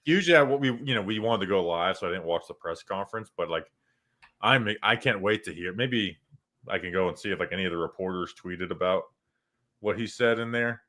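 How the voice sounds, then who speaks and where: A young man talks sports on a podcast, excitable and rambling, leaning on "like" as he goes. His voice is bright and forward, sitting a little low in pitch. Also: a little fast. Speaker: podcast host. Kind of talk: casual sports chat.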